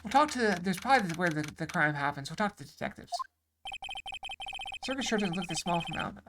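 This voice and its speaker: A woman's voice: on the low side, animated, fast talker, background noise. A woman streamer giving casual, rambling commentary while playing a game live. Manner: chatty, rambling. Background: game music.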